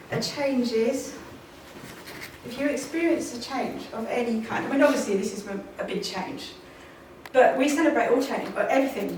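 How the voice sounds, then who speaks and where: A woman giving an emphatic motivational talk on stage, repeating her points and laughing often. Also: high voice. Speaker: motivational speaker. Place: large conference hall, on stage. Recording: echoey hall from far off, noisy.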